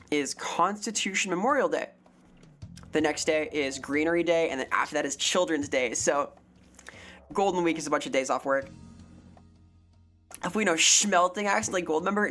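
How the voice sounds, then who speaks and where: Faint, soft music sits behind this young woman hosting her variety live stream. Her voice is lowish for a woman, and she rambles, jokes playfully and off the cuff, and reads out chat along the way.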